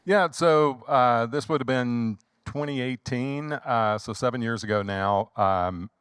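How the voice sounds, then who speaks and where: Man, thirties, Southern accent, animated storyteller, mid-pitched voice, dry close sound. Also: unhurried, smooth, no echo. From Louisiana. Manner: animated storyteller who acts out quotes. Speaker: guest, funeral home owner. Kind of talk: storytelling in casual chat.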